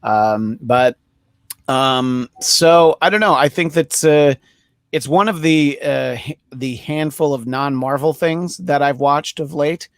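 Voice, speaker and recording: A man hosting a podcast in casual chat, rambling and joking with many filler pauses. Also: on the high side, no echo, studio quality. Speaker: podcast host.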